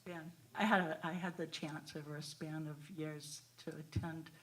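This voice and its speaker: A woman's voice: low-pitched, little pitch movement, moderate pace. A woman in the audience asking a question into a handheld microphone, searching for her words as she goes. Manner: hesitant, searching phrasing. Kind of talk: audience question at a spiritual talk.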